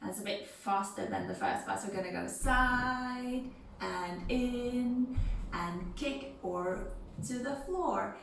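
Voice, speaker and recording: A woman instructor leading a gentle seated music and movement class, counting beats and chanting rhythm syllables. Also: a little high, very animated, slow, gravelly, recorded from a distance, a little hiss or hum. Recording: very echoey room, voice from off-mic, faint music.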